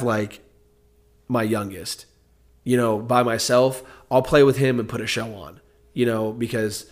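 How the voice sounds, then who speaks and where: Casual, cursing man chatting. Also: medium pitch. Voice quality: relaxed, profane, rambling talk. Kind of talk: casual chat.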